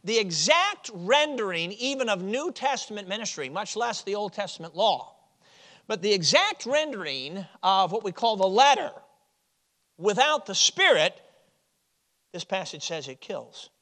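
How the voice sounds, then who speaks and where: A man from Chicago preaching a sermon, moving from loud stressed phrases to quiet, low drops. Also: sing-song, unhurried. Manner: swings from loud emphasis to quiet drops, with chuckles.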